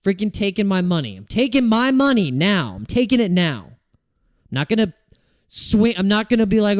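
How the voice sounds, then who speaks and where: Exasperated, lively-pitched male streamer. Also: moderate pace, no echo, clean studio sound. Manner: frustrated, swearing, rambling with restarts. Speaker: crypto trading livestream host. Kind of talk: casual livestream rant.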